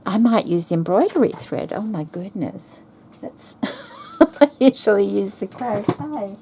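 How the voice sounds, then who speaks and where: A woman talks slowly and softly while she sews, musing over threads and stitches. Her voice is mellow and low, with a gravelly edge. A faint hum sits under the recording. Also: animated. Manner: slow, soft-spoken, thinking aloud while sewing. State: hiccups. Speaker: craft vlogger. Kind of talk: casual stitching chat.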